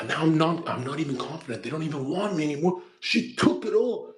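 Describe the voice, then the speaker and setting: A man's voice: a little high, expressive, fast talker. Crude ranting young man, echoey room. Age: 20s. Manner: crude ranting, acts out voices. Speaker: streamer. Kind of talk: casual chat.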